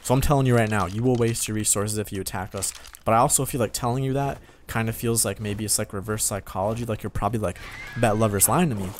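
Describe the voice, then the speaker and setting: Man, 20s, gameplay commentary, chatty, slightly hoarse, fast pace, low-ish voice, faint room noise. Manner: chatty, rambling, talks straight to viewers. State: voice going hoarse. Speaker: gaming channel host.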